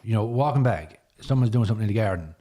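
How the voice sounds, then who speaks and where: A man's voice: fairly low pitch, animated, quick pace, dark tone. A middle-aged man with an Irish accent, a podcast guest telling stories in a rambling way that repeats words. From Ireland, Tipperary. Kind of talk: casual storytelling chat.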